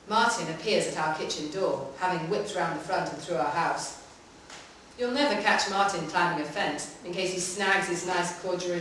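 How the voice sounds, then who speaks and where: A woman giving a live, measured reading of a short story in a public library room. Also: fairly low pitch, a bit bright, slight background noise. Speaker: reader. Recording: echoey hall from far off.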